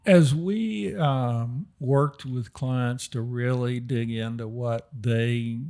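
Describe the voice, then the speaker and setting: A middle-aged man, a guest on a podcast, telling stories in a casual, animated way. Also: mid-range voice, slow. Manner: animated, chuckling storyteller. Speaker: podcast guest, architect and developer. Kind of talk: casual anecdotal storytelling.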